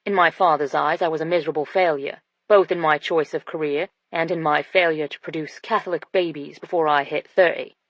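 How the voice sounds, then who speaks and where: A woman reading an audiobook, voicing a confident, flirtatious British businessman with a low, teasing delivery. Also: fairly even intonation, brisk, few pauses, dry recording. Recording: dull dry studio sound.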